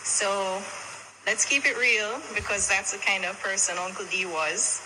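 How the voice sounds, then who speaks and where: A woman with a Jamaican accent giving a wry, measured eulogy. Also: mid-range voice. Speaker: speaker in a played clip. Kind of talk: delivering a eulogy. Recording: noisy played-back clip.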